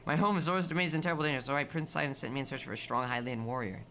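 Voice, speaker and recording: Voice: mid-range voice, fairly even intonation, racing, fairly bright tone, slight background noise, lightly acted. A streamer reading an eager fish-folk messenger. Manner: polite, eager. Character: earnest young male fish-folk messenger. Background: game music.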